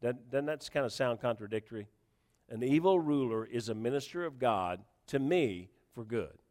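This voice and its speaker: A man preaching a sermon, animated and emphatic, with frequent repetitions and rising questions. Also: medium pitch, normal speed, long reverb tail. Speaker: pastor.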